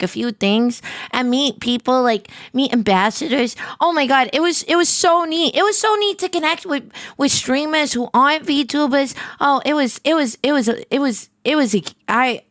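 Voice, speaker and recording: A young adult woman streaming as a VTuber, bubbly and giggly, with a squeaky voice and lots of stammered repeats. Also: normal speed, a bit bright, no room sound, studio quality. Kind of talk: casual live stream chat.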